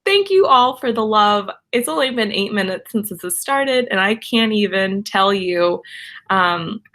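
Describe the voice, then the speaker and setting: A woman's voice: medium pitch, animated, unhurried. A young woman hosting a casual live stream from home, gushing with thanks as she reads out viewer messages. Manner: gushing and effusive, many thanks and soft laughs.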